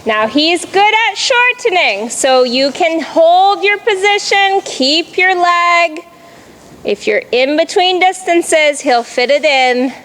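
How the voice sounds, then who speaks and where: High-voiced woman coaching a riding lesson. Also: fairly bright tone, slight background noise, low-quality recording. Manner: instructive, encouraging, calls out cues. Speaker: riding instructor.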